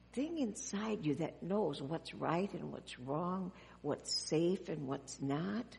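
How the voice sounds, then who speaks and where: A woman pastor giving a children's message in church, speaking gently and asking the children questions as she goes. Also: on the low side, gravelly. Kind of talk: children's sermon. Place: church sanctuary. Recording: long church reverb.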